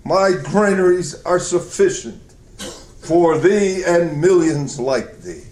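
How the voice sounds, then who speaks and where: A man's voice: on the high side, animated, takes it slowly, a little mellow, voice pushed up. A man voicing the generous granaries. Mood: reassuring. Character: great generous granaries, warm and reassuring. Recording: roomy hall echo.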